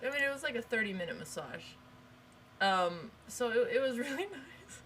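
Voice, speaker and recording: A young woman co-hosting a stream, telling a rambling, animated story in casual chat, full of restarts. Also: on the high side, normal speed, slight background noise. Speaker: stream co-host.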